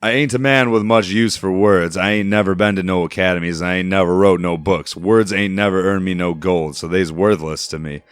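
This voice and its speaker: Man reading as a gruff old pirate captain, boastful, rough folksy drawl, deep voice, clean smooth tone. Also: steady tone, brisk, few pauses, no echo, lightly acted. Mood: gruff reminiscing. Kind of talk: reading a game journal aloud.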